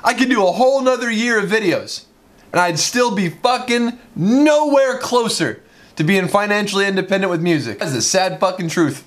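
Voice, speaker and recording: A man, a musician and video creator, angrily ranting on his vlog, swearing often and repeating himself, sounding exhausted. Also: sits high. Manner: heated, profane, repetitive ranting.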